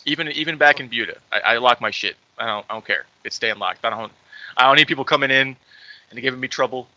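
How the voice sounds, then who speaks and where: Brief: man, bright and dry voice, blunt casual podcast banter. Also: medium pitch, fast, no room sound, poor audio. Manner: blunt, offhand, repeats himself. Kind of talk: casual chat.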